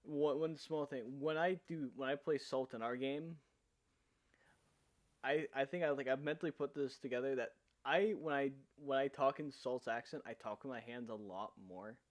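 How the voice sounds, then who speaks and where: A man's voice: medium pitch, normal speed. A man hosting a casual podcast, talking in a meandering way with many fillers. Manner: meandering, hesitant, heavy on fillers. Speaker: podcast host and game master. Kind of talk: casual chat.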